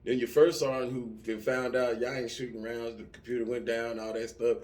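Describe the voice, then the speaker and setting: A middle-aged man talking casually, telling lively stories with profanity and acting out yelling soldiers. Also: mid-range voice, fairly quick. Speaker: vlogger answering subscriber comments. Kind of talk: casual chat.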